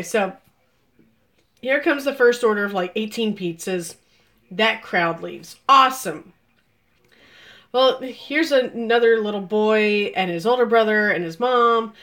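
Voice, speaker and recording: A woman in her forties telling a story on a live video, animated and laughing, with loud exclamations. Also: medium pitch. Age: 40s. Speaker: vlogger.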